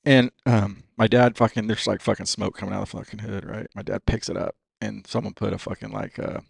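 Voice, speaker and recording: Fast-talking, profane storyteller man. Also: fairly low pitch, vocal fry, slightly rough, no echo, studio quality. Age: 50s. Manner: profane and animated, says "dude" constantly. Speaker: podcast guest, racer. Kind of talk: casual storytelling.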